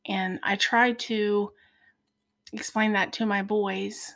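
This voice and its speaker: A woman in her forties, a podcast guest, telling a personal faith testimony in an earnest, soft-spoken way that sometimes drops almost to a whisper. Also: medium pitch, little pitch movement, takes it slowly, vocal fry. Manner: earnest, tearful at moments.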